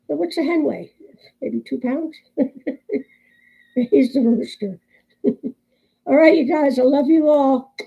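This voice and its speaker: A woman's voice: high voice, creaky, warm tone, breathy edge, lo-fi sound. A woman in her sixties chatting casually on her vlog, telling family jokes and laughing often. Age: 60s. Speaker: crochet vlogger. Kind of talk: casual chat and joke storytelling.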